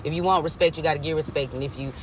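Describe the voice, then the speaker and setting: A woman's voice: deep voice, fairly even intonation, racing. A woman, telling a blunt, profane story in a parked car. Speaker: vlogger. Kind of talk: casual storytelling rant. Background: faint car noise.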